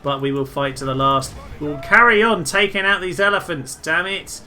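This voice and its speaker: A young man giving casual, jokey commentary over a strategy game, breaking into loud excited exclamations. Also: on the high side, moderate pace, faint music behind. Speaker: gaming video host.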